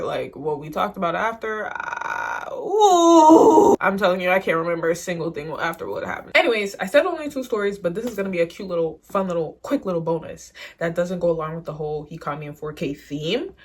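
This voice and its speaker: A woman's voice: lowish voice, fast talker, few pauses, fairly bright tone, a little hiss or hum. A young woman in college telling a crush story to camera in a casual vlog, giggling and acting out her own lines. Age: young adult. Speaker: vlogger.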